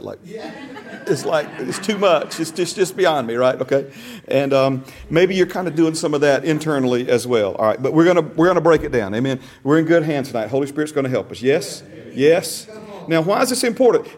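A man's voice: on the high side, darkish tone. A man teaching a Bible class in a casual way, often repeating words and quizzing his listeners.

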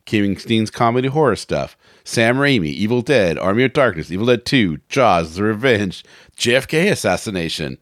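A man with a somewhat low voice hosts a laid-back podcast, rambling through long lists and chuckling as he goes. His sentences wander and restart. The sound is dry and close to the mic. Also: animated, moderate pace, no room sound. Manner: rambling, laughs often, restarts. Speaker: podcast host. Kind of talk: casual podcast chat.

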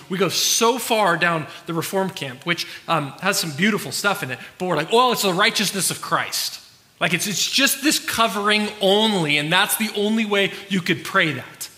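A man's voice: high voice, pushed and bright, big-room sound. A man preaching a sermon as pastor, talking casually with fillers and restarts.

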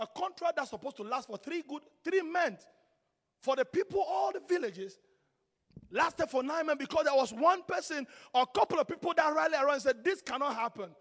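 A man preaching a sermon, swinging from hushed asides to shouted declarations. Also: extremely high pitch. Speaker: pastor. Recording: long hall reverb.

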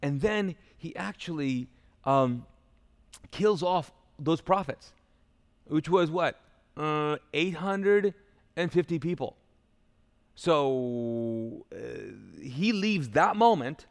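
A man preaches a sermon in a loose, joking storytelling manner. His voice sits a bit higher than most men's. The sound is a live church recording, with a long reverb tail off the hall walls. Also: lively intonation, slow pace, long pauses. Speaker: pastor.

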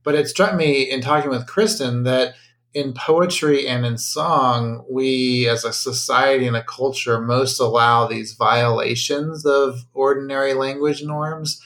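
A man hosts an interview and poses long questions at a measured pace. He often searches for his words. His voice is gravelly with a strong fry. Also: mid-range voice, fairly even intonation, a bit bright. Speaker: podcast host.

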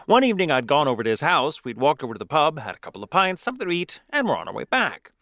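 Animated, bright-voiced man telling stories. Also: on the high side, very fast, no room sound, clean studio sound. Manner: animated, laughing, acts out quotes. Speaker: podcast co-host reading listener stories. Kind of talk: casual chat and story reading.

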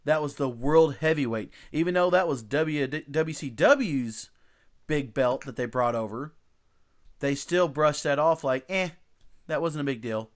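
A man hosting a casual podcast chat, talking emphatically and bluntly with quick restarts. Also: fairly high pitch. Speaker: podcast host.

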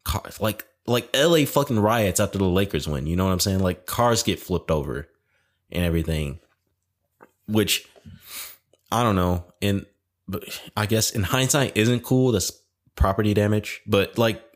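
A man's voice: lowish voice, moderate pace. A young man hosting a podcast alone, rambling in casual chat, packed with "like" fillers and frequent swearing. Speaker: podcast host.

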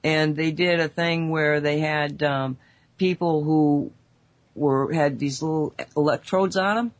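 A woman co-hosting a casual spiritual talk show, telling stories in a rambling, animated way with many asides, speaking over an online call mic. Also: deep voice, measured pace. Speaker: radio show co-host.

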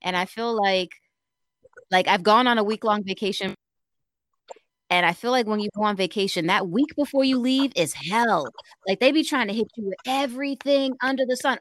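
A woman's voice: lowish voice, normal speed, a bit bright, no echo, clean studio sound. A young woman co-hosting a radio talk show, chatting casually, laughing often and venting in an exasperated way.

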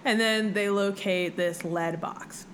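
A young woman chats animatedly about a book, swearing freely and slipping into quick character voices. Her pitch sits at an ordinary middle height, with a faint hiss behind her. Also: steady tone, poor audio. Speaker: podcast co-host. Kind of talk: casual book-discussion chat.

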